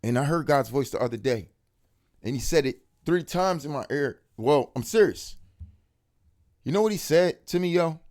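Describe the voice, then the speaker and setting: A man giving an excited, casual faith testimony to camera, full of street slang and repeated words for emphasis. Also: on the high side, normal speed. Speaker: religious video speaker.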